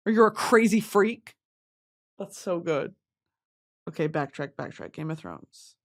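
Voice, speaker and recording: A woman's voice: lowish voice, lively intonation, a little slow. Giggly, rambling young woman. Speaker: vlogger. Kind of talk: casual rambling chat to camera.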